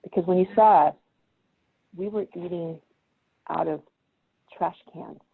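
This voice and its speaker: In an unhurried, fairly low, husky voice with vocal fry, a woman guest tells stories during casual chat, acting out the voices of the people in them with animation. The video call gives the audio a tinny, phone-like quality.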